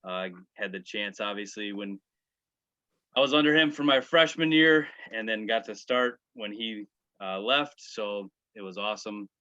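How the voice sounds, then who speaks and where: A man's voice: lowish voice, a little slow, sharp tone, no room sound. A man co-hosting a podcast, chatting casually and easygoing as he wraps up the show. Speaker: podcast co-host. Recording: dull, dry lo-fi mic.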